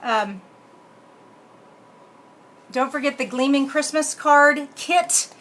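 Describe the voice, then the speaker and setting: Slow and high-voiced with a touch of brightness, a card-making channel host chats through a casual live stream. She talks to herself as she handles the computer, in an echoey room with faint background noise.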